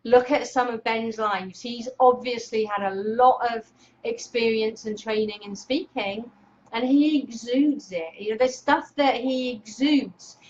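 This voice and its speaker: A woman hosting a live online stream, coaching viewers on speaking, excitable and energetic, greeting viewers by name. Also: on the high side, measured pace, highs cut off, a little hiss or hum. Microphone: webcam clipped on monitor.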